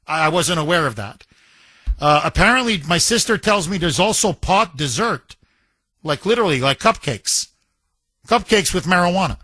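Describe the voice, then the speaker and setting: A man's voice: sits high, lively intonation, normal speed, pushed and bright, no echo. A man hosting a talk radio show, chatting animatedly with jokey asides and laughter. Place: radio studio. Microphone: studio microphone.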